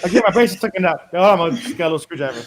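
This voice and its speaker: A man bantering as co-host in a casual livestream chat, joking quickly. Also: fairly high pitch, lively intonation, background noise.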